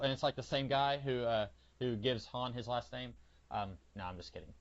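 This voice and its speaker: A man's voice: mid-range voice, normal speed, highs cut off. A man co-hosting a podcast in casual chat, rambling with lots of fillers and acting out little scenes. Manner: chatty, lots of "like" and "um", animated retellings. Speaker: podcast co-host.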